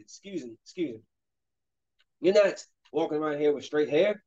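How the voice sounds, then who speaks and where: A man in his thirties chatting casually while he plays a basketball video game, rambling and then breaking into sudden loud outbursts at the game. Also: on the high side, expressive, normal speed, pauses often, highs cut off. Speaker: streamer and father.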